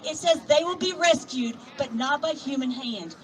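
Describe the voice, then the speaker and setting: An older woman gives an impassioned rally speech outdoors. She reads scripture and calls out to the crowd, swinging between soft asides and shouts. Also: sits high, normal speed. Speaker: rally speaker. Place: outdoor plaza at a protest march. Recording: distant outdoor recording with crowd noise. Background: murmuring crowd and street noise.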